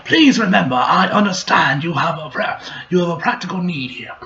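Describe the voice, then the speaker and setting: Man doing a put-on British lord, pompous and formal, pitched up, lo-fi. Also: lively intonation, moderate pace, pushed and bright, exaggerated voice. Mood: gracious. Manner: grandly welcoming, formal. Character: pompous British aristocrat hosting a hunt.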